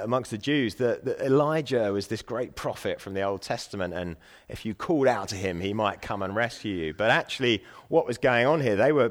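A man preaching a sermon as pastor, earnest and emphatic. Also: on the low side.

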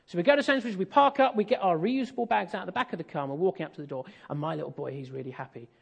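A man's voice: high-pitched, rapid-fire, vocal fry, breathy edge. An English man preaching a sermon, telling a family story in a conversational way with self-deprecating humour.

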